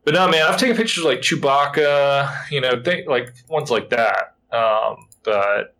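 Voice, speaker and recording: A man in his thirties with a bright, forward voice talks loosely on a podcast, and his sentences wander with lots of fillers. He laughs often as he goes. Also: mid-range voice, a little slow. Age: 30s. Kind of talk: casual chat.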